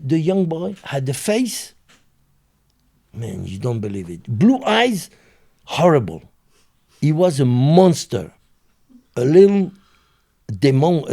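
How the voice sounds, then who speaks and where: This man's voice is gravelly and on the high side, carrying a French accent from his native language. Recounting a story with energy as a guest in an interview, he stops at times while hunting for the right English word.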